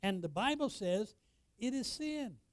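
A high-pitched man preaching a sermon in a dry, close sound with no room echo. He puts questions to the congregation and swells into loud, emphatic peaks before dropping to low, quiet lines. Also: lively intonation, a little slow. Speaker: pastor.

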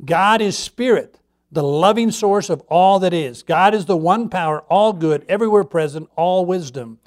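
A man's voice: high-pitched, normal speed. A man pastor preaching a sermon in a conversational way, putting questions to his congregation.

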